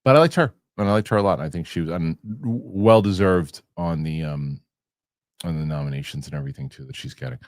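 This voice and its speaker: A man's voice: extremely low pitch, fairly quick, dry recording, studio quality. A man hosting a casual movie chat show, talking. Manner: rambling with many restarts. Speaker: host.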